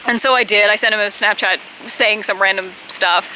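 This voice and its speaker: Bright-voiced chatty woman vlogger. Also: fairly even intonation, moderate pace, slight background noise, rough recording. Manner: chatty, jumps into high-pitched quoted exclamations. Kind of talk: casual storytime.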